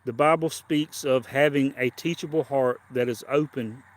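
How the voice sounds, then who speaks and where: Friendly everyday man hosting a livestream, mid-pitched voice, chatty, reads aloud slowly. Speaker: live stream host. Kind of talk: casual livestream chat with devotional reading.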